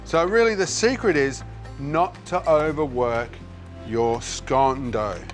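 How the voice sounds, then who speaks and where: A man's voice: mid-range voice, slow pace, soft background music. An Australian man hosting a cooking show, chatting in a friendly, jokey way as he works, on a lapel mic. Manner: friendly, jokey, thinks aloud while working. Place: kitchen set.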